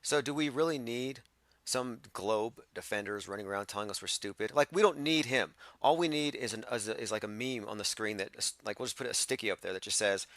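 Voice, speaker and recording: A man with a gravelly, bright-edged voice hosts a livestream from a home computer setup. He rants in a combative, dismissive way, talking casually to his chat. The sound is dry and close. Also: on the low side, fairly quick, no room sound. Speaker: livestream host.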